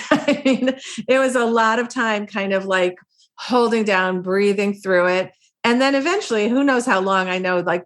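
A woman's voice: mid-range voice, a bit bright. A woman co-hosting a parenting podcast, sharing her experience as a mother in a reflective, conversational way. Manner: reflective, conversational, many fillers like "like" and "I mean". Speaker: podcast co-host. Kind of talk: casual chat.

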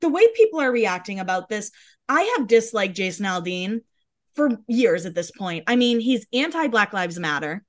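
A woman's voice: medium pitch, lively intonation, moderate pace. A woman co-hosting a podcast in casual chat, talking bluntly and heatedly and swearing freely. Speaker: podcast co-host.

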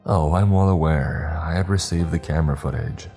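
A man's voice: rumbling low, fairly even intonation, moderate pace, warm tone, soft background music. A man voicing a composed woman official in her thirties, cool and matter-of-fact.

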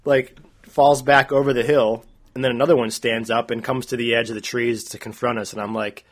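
A man co-hosting a podcast, telling a long story in a rambling, animated way, full of "like" and "uh". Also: medium pitch, a little fast. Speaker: podcast co-host. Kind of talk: casual storytelling.

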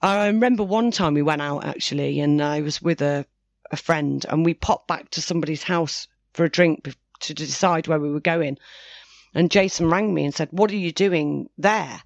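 A woman's voice: low voice, moderate pace, dry recording. A woman, telling a personal story in a rambling way, with frequent restarts and self-corrections. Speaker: interviewee. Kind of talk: personal account, casual.

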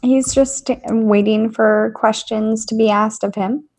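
A woman co-hosting a casual podcast, relaxed and matter-of-fact. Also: fairly high pitch, slow pace. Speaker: podcast co-host and medium.

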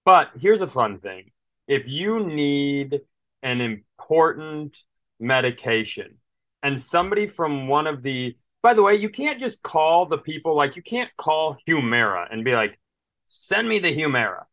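A man's voice: fairly high pitch, big pitch swings, measured pace, a bit bright, no echo. A man with a slight Southern drawl co-hosting a casual podcast, telling stories and acting out phone calls with exasperated, swearing rants. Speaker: podcast co-host. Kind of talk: casual chat.

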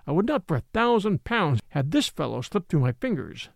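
A man's voice: on the high side, sing-song, moderate pace, creaky, dry recording, studio quality. A man voicing a scheming, gloating sheriff in a storybook reading. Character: scheming gloating male sheriff, middle-aged.

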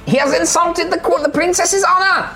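A man voicing a tiny, earnest fairy warrior in a high-pitched, proclaiming voice. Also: normal speed. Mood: indignant. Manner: proclaiming and urgent.

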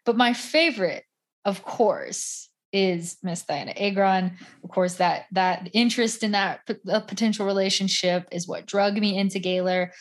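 Chatty woman telling animated stories. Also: medium pitch, normal speed. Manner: chatty, animated storytelling with many fillers. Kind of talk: casual chat.

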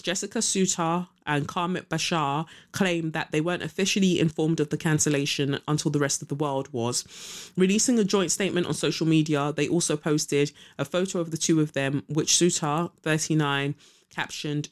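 A young podcast host, talking casually and reading headlines aloud. The delivery is opinionated and sarcastic, full of likes and ums, with a middle-of-the-road pitch. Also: normal speed.

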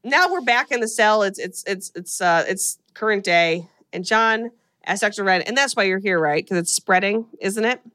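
A woman's voice: mid-range voice, moderate pace, a bit bright, clear, resonant tone. A woman hosting a podcast, recapping a horror movie in casual chat and laughing often as she retells scenes. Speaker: podcast host.

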